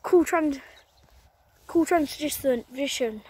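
A woman's voice: sits high, drawn-out words, a little mellow. A young woman vlogging while walking outdoors, talking into a handheld phone in a rambling, apologetic, chatty way. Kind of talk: casual walking vlog. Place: outdoors on a country road. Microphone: phone camera held while walking.

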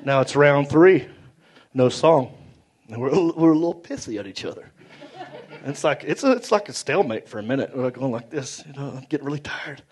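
A man telling an animated stand-up story on stage, acting out other people in big voices. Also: mid-range voice, a little fast. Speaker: stand-up comedian. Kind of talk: stand-up comedy set. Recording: live club recording, roomy, loud crowd. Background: audience laughter.

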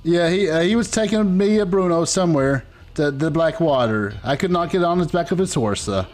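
A man's voice: a little high, expressive, brisk, a little mellow, faint music behind, close to an everyday voice. Bruno, a man doing a bumbling Italian. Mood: worried. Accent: put-on Italian. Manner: broken English, apologetic, refers to himself as "a Bruno". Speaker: roleplay player. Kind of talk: voiced online roleplay in character.

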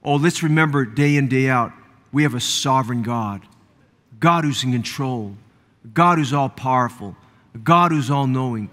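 A man's voice: mid-range voice, a bit bright, long reverb tail. A man preaching a sermon as pastor, building fervor and repeating phrases for emphasis. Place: church sanctuary.

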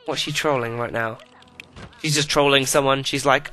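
A man's voice: medium pitch, steady tone, normal speed, pushed and bright, a little hiss or hum. A man giving profane, exasperated running commentary while playing a life-simulation video game. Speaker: let's play host.

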